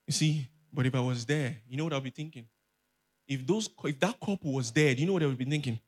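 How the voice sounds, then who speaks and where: A man's voice: medium pitch, fast talker. A man preaching a sermon as pastor, emphatic, repeating phrases and asking the congregation rhetorical questions.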